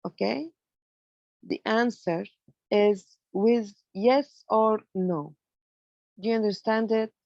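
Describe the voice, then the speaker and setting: A woman's voice: mid-range voice, fairly even intonation, slow pace, vocal fry, pauses often, a little mellow, dry recording, muffled recording. Woman teaching English grammar. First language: Arabic. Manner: explains in English mixed with Arabic, many fillers. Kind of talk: online lecture.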